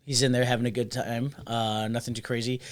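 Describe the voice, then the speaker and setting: A man's voice: medium pitch, flat delivery, fairly quick. A man co-hosting a podcast, telling stories in loose, profane casual chat and mimicking the people in them. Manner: loose storytelling, swears a lot, mimics people. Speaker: podcast co-host.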